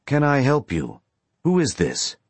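A stern young police officer firing off insistent questions, as a storyteller plays him. The voice is husky and a touch higher than the reader's deep natural tone, recorded dry and close. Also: male voice, wildly swooping pitch, unhurried, dry recording, full character voice.

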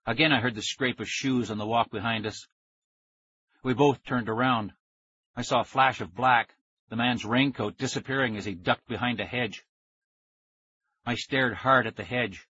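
A man narrating a children's story in the first person with steady storytelling. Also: medium pitch, husky, no room sound, dull audio. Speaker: audiobook narrator.

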